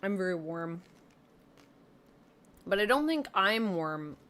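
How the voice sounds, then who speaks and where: A woman's voice: medium pitch, sing-song, takes it slowly, a bit bright. A young woman from Canada with a slight Southern twang, chatting casually and rambling on a live stream from her home desk mic. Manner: chatty, rambling, self-deprecating.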